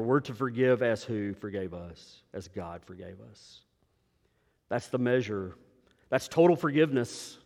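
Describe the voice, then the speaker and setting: A man preaching a sermon as pastor, swinging between emphatic rises and hushed, quiet drops. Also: mid-range voice. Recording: long reverb of a large hall.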